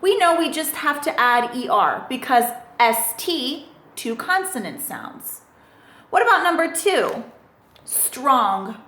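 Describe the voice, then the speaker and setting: A woman's voice: high voice, big pitch swings, slow pace, bright, forceful tone. A woman teaching English grammar in a recorded lesson, patiently spelling out letters and asking the listener questions. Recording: echoey room.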